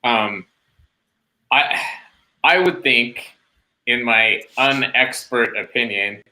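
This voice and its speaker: A man's voice: mid-range voice, takes it slowly, sharp tone, poor audio. A man co-hosting a podcast in casual chat, rambling and hedging his opinions. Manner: rambling, hedging, many restarts. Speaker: podcast co-host.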